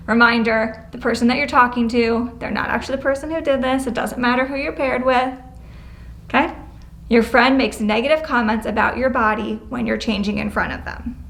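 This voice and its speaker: A woman leading a classroom lesson, giving brisk, encouraging step-by-step directions and acting out example phrases. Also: on the high side, fairly even intonation, vocal fry, fairly bright tone, slight background noise. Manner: acts out example phrases with changing tone. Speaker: prevention educator leading a class. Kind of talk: classroom instruction. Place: school classroom, indoors.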